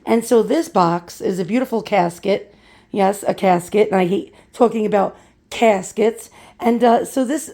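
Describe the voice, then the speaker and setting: Hoarse, croaky woman ranting with profanity. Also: mid-range voice, normal speed, dark tone. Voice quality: creaky, croaky. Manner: profane, ranting, self-deprecating. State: hoarse, losing her voice. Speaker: vintage glass video host. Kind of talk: casual vlog talk.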